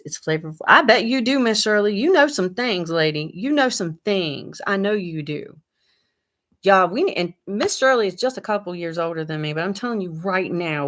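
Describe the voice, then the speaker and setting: A woman's voice: fairly low pitch, a bit bright. A middle-aged woman, chatting casually and bluntly from her home kitchen as she reads viewer comments, swearing freely. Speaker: livestream host. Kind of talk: casual chat while cooking.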